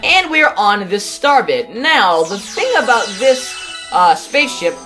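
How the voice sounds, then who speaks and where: A woman's voice: medium pitch, sing-song, unhurried, rough recording. A woman hosting a let's play, chatting casually about the game as she plays and swearing now and then. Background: game music.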